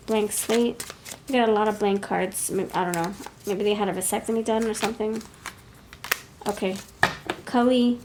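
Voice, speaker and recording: A woman reads tarot cards aloud, blunt and scolding as she thinks through each card. Her voice sits at an ordinary middle pitch for a woman. There is a faint hiss of noise behind her. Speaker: tarot reader. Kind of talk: pick-a-card tarot reading.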